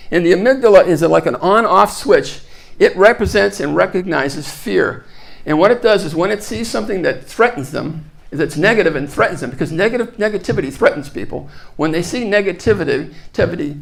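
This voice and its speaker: A man's voice: sits high, vocal fry. A man giving a live motivational talk, energetically guiding the audience through an exercise and often repeating his phrases. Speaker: speaker leading an audience exercise.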